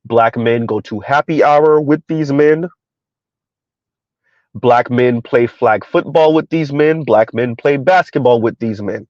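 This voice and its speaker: A man's voice: medium pitch, slow, a little mellow, dry recording, dull audio. A man hosting an opinion monologue, mocking with repeated rhetorical questions. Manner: sarcastic, repetitive rhetorical questions. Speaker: commentary channel host.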